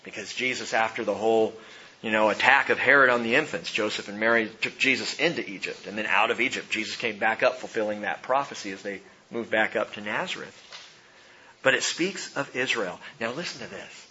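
A man preaching a sermon, reading scripture aloud and explaining it with expressive delivery. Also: on the low side, brisk, lo-fi sound, a little hiss or hum. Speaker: pastor.

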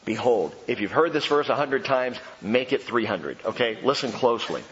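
A man preaching a sermon, emphatic and animated, asking rhetorical questions. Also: medium pitch, normal speed, in a large hall, lo-fi sound, slight background noise. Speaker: pastor.

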